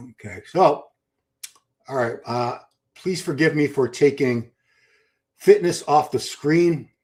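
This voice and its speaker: This livestream host's voice sits on the high side and is a little mellow. He reads viewer questions aloud, comments in a chatty, enthusiastic way, and restarts frequently.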